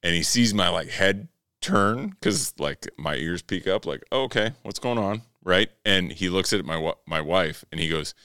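A man in his thirties telling family stories in casual chat, acting out quotes, swearing and laughing loudly. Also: low voice, animated, normal speed, slight background noise. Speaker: podcast co-host.

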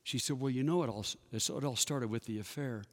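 With a medium-pitched voice and a fairly quick pace, a fifty-something man tells personal stories at a church workshop. He keeps it folksy and conversational, voicing the dialogue himself, while a big hall's long reverb trails his words.

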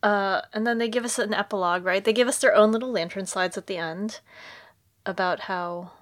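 A woman's voice: mid-range voice, steady tone, brisk. A woman co-hosting a podcast, recapping a series in casual chat, emotional and candid, swearing freely. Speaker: podcast co-host.

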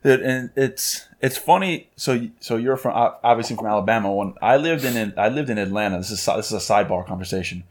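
A man's voice: fairly low pitch, fast talker, hardly any pauses. A man from New York hosting a podcast, telling stories casually and acting out what people said. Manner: storytelling, acts out quotes. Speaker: podcast host.

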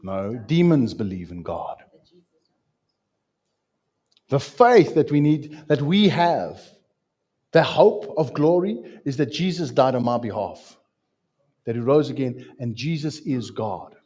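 A man's voice: mid-range voice, expressive, slow, pauses often, darkish tone, slightly rough. A man preaching a sermon in an emphatic way, repeating phrases and asking his listeners questions.

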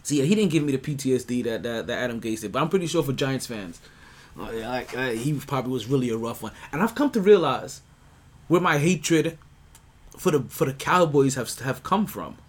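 A man's voice: medium pitch, expressive, brisk. A man hosting a sports podcast, talking casually and rambling with restarts, bursts of emphasis and laughs. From United States. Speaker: podcast host.

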